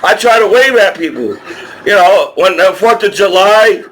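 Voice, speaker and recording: A man's voice: high-pitched, animated, normal speed, a bit bright, low-quality recording. A man from New Jersey with a New Jersey accent, delivering a rambling, aggrieved vlog monologue to the camera, stammering through frequent restarts. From New Jersey, USA. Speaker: vlogger.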